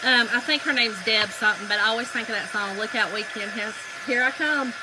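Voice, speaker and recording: The audio is very noisy, and her slightly high voice runs a little fast. She's a Southern US woman hosting a crafting livestream, addressing viewers as y'all and spinning chatty stories in casual conversation.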